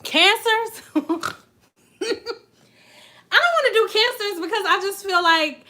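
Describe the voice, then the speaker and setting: Bright, high-voiced woman chatting frankly. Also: takes it slowly. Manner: frank, profane and animated, acting out quoted people. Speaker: hair care vlogger. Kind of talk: casual chat to camera.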